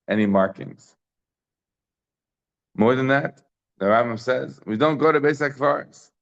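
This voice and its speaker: Male Talmud teacher, emphatic, rhetorical, mid-pitched, dull lo-fi recording. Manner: emphatic, rhetorical questions, quick Hebrew and Yiddish terms. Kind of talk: daily Talmud lesson.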